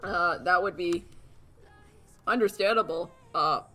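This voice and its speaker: A woman's voice: fairly low pitch, slow pace, sharp tone. A young woman chatting casually while she draws on a live stream, rambling, giggling, and poking fun at herself. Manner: giggly, rambling, self-deprecating.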